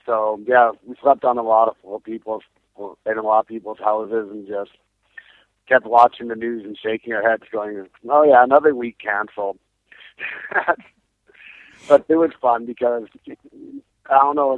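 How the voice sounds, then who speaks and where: Brief: punk singer on the phone, chatty storyteller who laughs a lot, dry close sound over a tinny line. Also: male voice, mid-range voice, dry recording. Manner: animated storyteller, laughs often, acts out quotes. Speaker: punk band singer, interviewee. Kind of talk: phone interview, casual storytelling.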